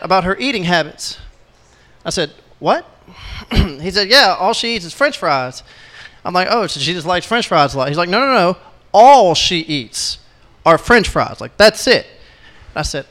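A man doing an animated stand-up set on a club stage, telling stories with loud laughing outbursts. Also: high-pitched. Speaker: stand-up comedian. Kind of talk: stand-up set at an open mic.

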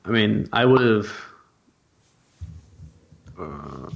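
A man's voice: mid-range voice, lively intonation, drawn-out words, creaky. A man co-hosting a casual chat, dropping short, dry quips. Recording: dull lo-fi audio with faint noise.

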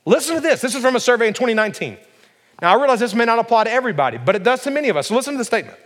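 A man's voice: very high-pitched, big pitch swings, very fast, a bit bright. A man preaching a sermon to his congregation, emphatic and full of rhetorical questions. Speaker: pastor. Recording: long reverb of a large hall.

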